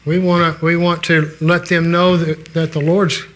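A man's voice: a little high, level tone, normal speed. An older man preaching a sermon in a folksy, conversational way, telling stories and restarting his sentences.

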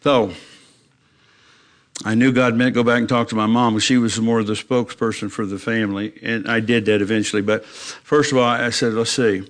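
A man's voice: level tone, moderate pace. An older man preaching and telling his life story plainly, acting out the dialogue as he goes. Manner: plain-spoken storytelling, acting out his own dialogue with rising pitch when emotional. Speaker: preacher giving testimony. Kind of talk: personal testimony in a church talk.

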